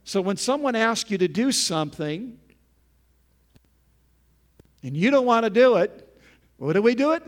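A man's voice: high-pitched, big pitch swings, measured pace, long pauses. A man preaching a sermon to a congregation, reading scripture aloud and putting questions to the listeners. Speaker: pastor.

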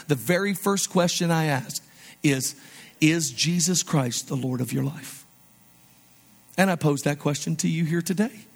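Pastor, man, high-pitched, animated conversational sermon delivery with soft low asides.

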